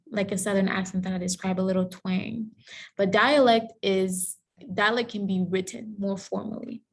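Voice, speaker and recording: A woman's voice: medium pitch, gravelly. A woman from Cameroon giving an online lecture on a video call and answering audience questions in a friendly, explanatory way. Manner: friendly explanatory tone, with some fillers and self-corrections. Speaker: guest lecturer. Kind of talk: online presentation with Q&A.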